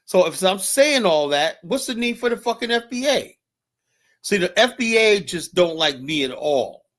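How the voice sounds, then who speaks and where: A man's voice: high-pitched, very animated, moderate pace, a bit bright. A man hosting a livestream panel, venting in a long, profane, rambling rant full of "you know?" tags. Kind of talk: heated panel debate.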